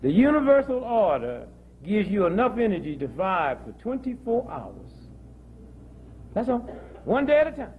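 A man gives a comic health lecture to a live audience, joking and preaching while drawing on stories from his own life. His high-pitched voice swings widely in pitch at a moderate pace, and the phone-quality recording has slight background noise.

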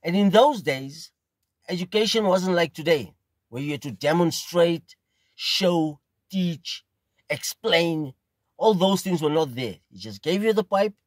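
A middle-aged South African man tells a story in an easy, meandering way, often circling back over his own phrases. His voice sits a little high for a man. The recording is close and dry. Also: expressive, no echo. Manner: rambling, unhurried, repeats phrases. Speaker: pipe smoking video host. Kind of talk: casual storytelling.

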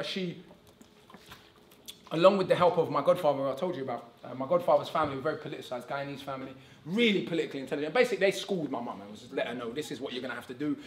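A man giving an animated, conversational public talk at a conference, often checking in with the audience with "right?". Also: fairly high pitch, a little hiss or hum. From England. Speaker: conference speaker. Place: conference hall. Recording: echoey hall.

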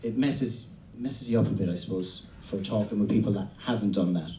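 A young man from the west of Ireland with an Irish accent, doing a stand-up set in a halting, deadpan way with many restarts. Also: on the low side, slight background noise. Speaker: stand-up comedian. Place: comedy venue stage. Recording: roomy venue recording from a distance.

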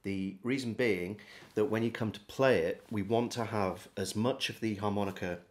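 A man giving a relaxed, step-by-step beginner harmonica lesson. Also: lowish voice, normal speed. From England. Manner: friendly, relaxed step-by-step demonstrating. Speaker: harmonica teacher. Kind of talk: casual video lesson.

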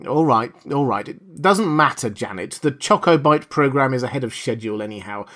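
A man voicing a gruff, irritable male boss who grumbles and snaps orders, read aloud in an audiobook. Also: mid-range voice, animated, brisk, natural voice. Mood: dismissive. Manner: grumbling, sharp.

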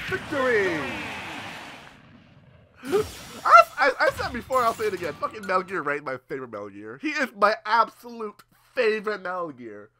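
Young male let's player, high and very animated, cursing and shouting, game music behind. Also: normal speed, a little hiss or hum. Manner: excitable, swears a lot, yells at enemies. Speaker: gameplay commentator. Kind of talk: let's play commentary.

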